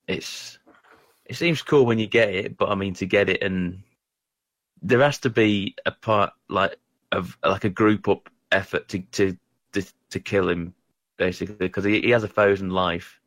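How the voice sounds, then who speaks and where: A man in a casual gaming chat, talking in a rambling, halting way and poking fun at his own skills. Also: low-pitched, a bit bright, dry recording. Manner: rambling, halting, self-deprecating.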